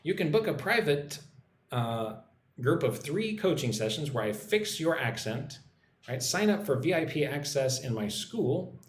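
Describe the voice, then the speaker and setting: A man's voice: on the high side, sing-song, roomy sound. American man teaching English live. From United States. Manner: explains words slowly, repeats with "right?". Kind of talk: live-stream English lesson.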